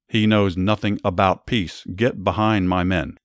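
A ruthless army commander speaks bluntly and brushes questions aside, as a man reads him out. The voice sits low. The sound is dry and close. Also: fairly even intonation, unhurried, no echo. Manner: blunt, dismissive.

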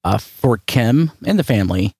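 A man's voice: medium pitch, very animated, moderate pace, mellow, breathy edge, no room sound, studio quality. A man hosting a casual podcast chat, rambling and joking, often correcting himself mid-sentence. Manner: rambling, self-correcting, jokey. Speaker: podcast host.

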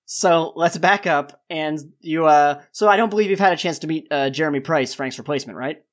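A man running a tabletop role-play game as game master, relaxed and joking, with loose rambling narration. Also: a little high, brisk. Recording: dull, lo-fi mic.

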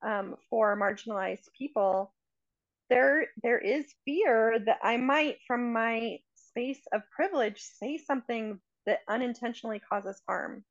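A woman's voice: on the high side, measured pace, no room sound. A woman in casual conversation, talking earnestly and reflectively as a coach, giving everyday examples. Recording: dry, dull lo-fi sound.

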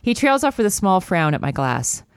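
A woman's voice: very animated, moderate pace, clean tone, no room sound, clean studio sound, soft background music. A woman co-hosting a podcast, reading a romance novel aloud in a mock-dramatic voice between giggles and chat. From United States. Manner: giggly, reads in a low mock-dramatic voice and attempts a bad British accent.

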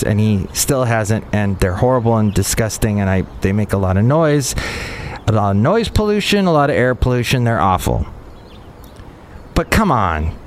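A man's voice: medium pitch, a little hiss or hum. A middle-aged man hosting a casual podcast, chatting wryly about the news. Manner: wry, chatty commentary on news. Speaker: podcast host. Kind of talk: casual solo podcast talk.

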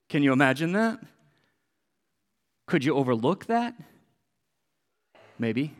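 Earnest pastor preaching in a hall. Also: male voice, fairly high pitch, very animated, slow, long pauses. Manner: earnest, repeats phrases for emphasis, wry asides. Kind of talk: sermon.

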